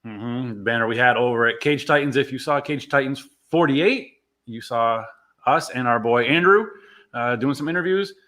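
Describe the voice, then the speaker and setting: A man's voice: medium pitch, moderate pace. A man co-hosting a casual podcast, hyped and swearing freely, tripping over his words. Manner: excited, swears a lot, stumbles over words. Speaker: podcast co-host. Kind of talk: casual chat.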